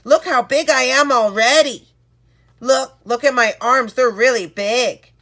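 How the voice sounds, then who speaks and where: A woman's voice: sits high, measured pace, a bit bright. A woman voicing a boastful schoolboy bully showing off his arms. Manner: bragging.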